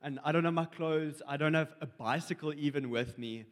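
A young man with a somewhat high voice tells a story haltingly, padding his sentences with fillers and restarts. His words ring out with the long reverb of a large church hall. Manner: rambling, hesitant storytelling with many fillers. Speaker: congregation member sharing a dream. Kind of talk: personal testimony in church.

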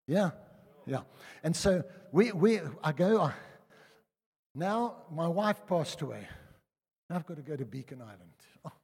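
Older South African preacher in a hall. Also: male voice, on the high side, slightly rough. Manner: conversational storytelling, lively swings from loud to hushed. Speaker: pastor. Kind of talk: sermon. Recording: reverberant church hall.

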